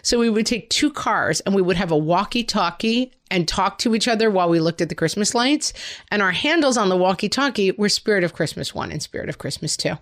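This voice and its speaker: A woman's voice: mid-range voice, animated. Chatty woman podcast co-host. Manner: chatty, jokey, quick asides. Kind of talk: casual chat.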